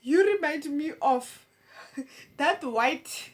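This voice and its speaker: A woman's voice: high voice, very slow. A young woman delivering a stand-up roast, teasing with stammered restarts and laughing at her own jokes. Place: comedy roast stage.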